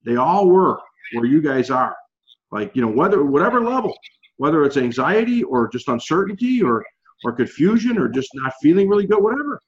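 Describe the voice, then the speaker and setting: A man's voice: a little high, very animated, fairly quick. Man, group coach, casual encouraging chat, lots of fillers, slightly muffled lo-fi audio. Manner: chatty, encouraging, heavy on fillers. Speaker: group coach leading a call.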